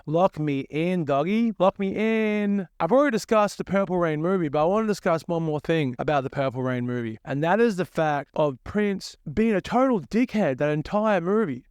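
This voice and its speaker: A man's voice: fairly high pitch, clear, resonant tone, dry recording, studio quality. A young man hosting his own music podcast, rambling crudely and swearing as he laughs at himself in a casual monologue.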